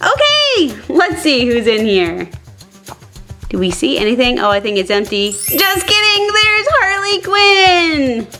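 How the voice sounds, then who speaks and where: A woman with a very high, bouncy voice narrates pretend doll play for a toy channel. She takes her time, gushing playfully over each surprise. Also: very animated, takes it slowly, pushed and bright, soft background music.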